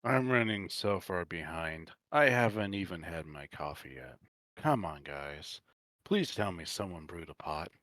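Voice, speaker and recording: Easygoing guy playing his character in a tabletop game, lowish bright voice. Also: animated, unhurried, dry recording. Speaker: player.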